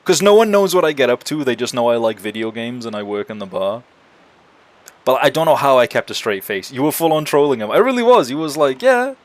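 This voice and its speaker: A man's voice: mid-range voice, a little fast. A young man streaming a video game, chatting casually and telling stories with lots of laughter and swearing. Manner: lively, laughing, swearing storyteller. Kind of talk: casual gaming livestream chat.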